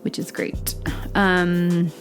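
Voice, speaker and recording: A woman hosting a podcast, talking alone in a rambling, chatty way and jumping into a high, squeaky voice when she quotes others. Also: monotone, very slow, soft background music. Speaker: podcast host. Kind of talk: casual solo monologue.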